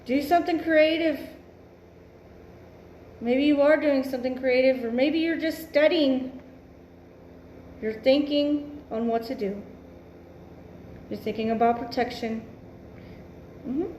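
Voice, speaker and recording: A woman's voice: high voice, takes it slowly, pauses often, a little mellow, roomy sound, a little hiss or hum. A woman giving a casual tarot reading, blunt and emphatic, swearing freely and musing aloud. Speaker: tarot reader.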